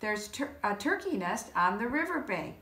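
Woman reader as a loud, mocking storybook sheep, high and lively. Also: normal speed, echoey room. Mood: bellowing. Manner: bellowing, mocking. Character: loud round male sheep, teasing.

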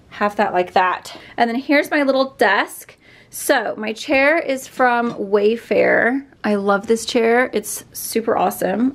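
A woman's voice: mid-range voice, vocal fry. A woman giving a casual, chatty tour of her bedroom filming room as a beauty vlogger, upbeat and full of fillers.

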